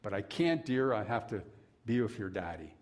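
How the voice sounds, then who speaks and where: A man voicing a gentle, patient young mother at bedtime, soothing and quiet, lower than his usual voice. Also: animated, normal speed, lightly acted. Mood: reassuring.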